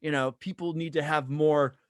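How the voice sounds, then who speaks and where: A man's voice: fairly high pitch, steady tone, normal speed, no echo, studio quality. A man who is a guest on a podcast, chatting casually in a rambling way, repeating words as he goes.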